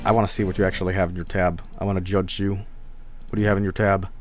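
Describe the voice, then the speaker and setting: A man's voice: deep voice, little pitch movement, fast talker, soft background music. A man streaming, chatting casually to his viewers in a rambling, crude, swear-filled way.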